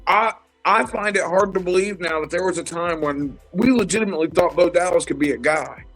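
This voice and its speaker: Man, casual wrestling chat, rambling, profane, slightly high voice, music underneath. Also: brisk, a bit bright, poor audio. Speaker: podcast co-host.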